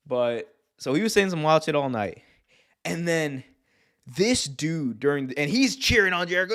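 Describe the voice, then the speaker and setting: A man's voice: on the high side, sing-song, fairly quick, fairly bright tone. A man hosting a live wrestling stream, talking in a loose, rambling way, swearing often and laughing easily as he reads chat. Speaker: host.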